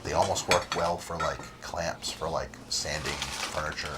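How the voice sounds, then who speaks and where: A man's voice: a bass voice, fairly even intonation, moderate pace. A man hosting a cooking show, chatting casually and rambling easily, with frequent laughs, in a community TV studio. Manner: easygoing, rambling, laughs often. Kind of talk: casual chat over cooking footage. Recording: noisy community TV studio audio.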